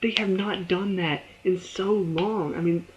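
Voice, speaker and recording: A man's voice: high-pitched, steady tone, a little slow, low-quality recording. A young man reviewing a TV episode in a casual, rambling way, laughing often and acting out his own reactions.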